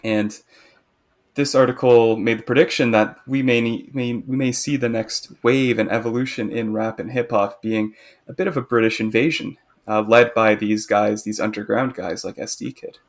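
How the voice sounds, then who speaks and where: A man's voice: lowish voice, steady tone, moderate pace. A man co-hosting a podcast in casual chat, talkative and opinionated, with a teasing edge toward his co-host.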